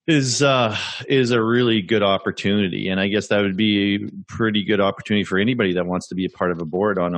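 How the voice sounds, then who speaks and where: Male podcast host with a low voice, relaxed and encouraging, dry close recording. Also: no room sound. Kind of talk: casual interview chat.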